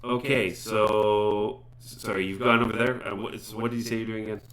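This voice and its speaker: A man runs a tabletop game session, describing the monsters and calling turns. His voice is bright and sits a little low. He stops and restarts often while he narrates. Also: little pitch movement. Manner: halting, self-correcting narration. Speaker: game master. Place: home streaming setup.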